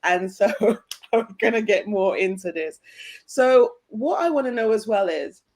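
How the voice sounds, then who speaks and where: A woman's voice: medium pitch, expressive, unhurried, darkish tone. Affirming woman host asking questions. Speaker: interview host. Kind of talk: interview questions and responses.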